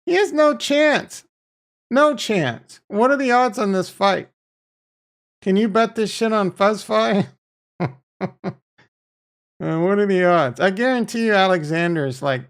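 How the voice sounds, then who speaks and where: Man, crypto livestream host, gravelly voice, loose profane rambling, chatting with viewers. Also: sits high, slow, long pauses. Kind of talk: casual livestream chat reading viewer comments.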